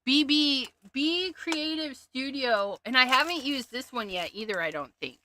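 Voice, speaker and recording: A woman's voice: high-pitched, animated, measured pace, pushed and bright, a little hiss or hum. A woman hosting a casual crafting livestream, chatting and giggling as she sorts through her stamps. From Canada. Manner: chatty, giggly, thinks aloud.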